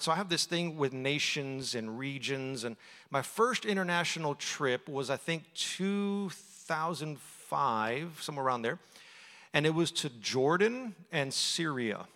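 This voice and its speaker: A man's voice: on the high side, bright, forceful tone. A middle-aged man from Texas, preaching as a guest speaker in a conversational, storytelling way and laughing often. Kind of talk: sermon. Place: church sanctuary. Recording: long hall reverb.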